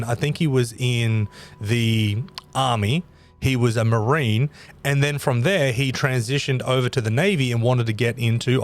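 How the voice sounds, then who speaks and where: A man hosting a podcast, telling a story in a casual, rambling way with emphatic repeats. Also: medium pitch. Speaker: podcast host.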